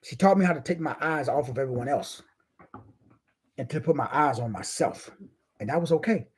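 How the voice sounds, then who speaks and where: A man hosting a live stream, giving a preachy motivational talk in casual, slangy speech with drawn-out, emphatic phrasing. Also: slightly rough. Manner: preachy, drawn-out emphatic phrasing with big swings in pitch and loudness.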